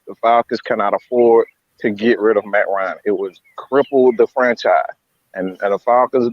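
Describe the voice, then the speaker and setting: A man co-hosting a casual sports talk show, hoarse from losing his voice, emotional and stammering as he speaks from home. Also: mid-range voice, no echo, lo-fi sound. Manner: emotional, stammering, restarting lines. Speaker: sports podcast co-host. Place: indoors at home without air conditioning.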